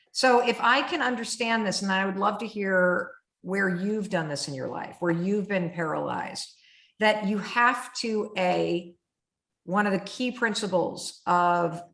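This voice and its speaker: A middle-aged woman hosting a candid podcast conversation, animated and blunt, acting out voices in her stories and swearing freely. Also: on the low side, gravelly. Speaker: podcast host. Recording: roomy echo.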